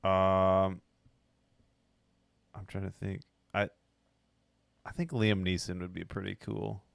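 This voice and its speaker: A man with a very deep, gravelly voice chats easily as a podcast co-host. He is agreeable and relaxed, slipping in dry teasing, and the recording sounds close and dry. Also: slow pace, no room sound. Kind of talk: casual chat.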